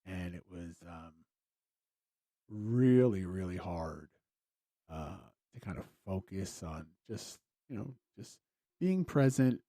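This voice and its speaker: A man's voice: deep voice, lively intonation, slow pace, mellow, dry recording. A man hosting a podcast, telling a personal story in a casual, rambling way with wry, self-deprecating humor. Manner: rambling, with frequent fillers and restarts. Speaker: podcast host.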